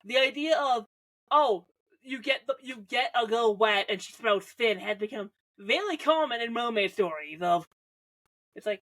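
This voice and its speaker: A woman's voice: fairly high pitch, expressive, normal speed, a bit bright. A young woman reviewing an old teen show, chatty and rambling, restarting sentences and cracking jokes. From Canada. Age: young adult. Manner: chatty, self-interrupting, heavy on "like", jokey asides.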